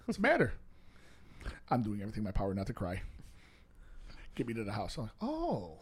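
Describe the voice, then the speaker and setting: A man's voice: fairly low pitch, brisk, pauses often, breathy edge. A man, a former police officer, telling crude stories on a podcast and acting out the voices of the people in them. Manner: animated, profane, acts out voices in his stories. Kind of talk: casual storytelling with crude humor.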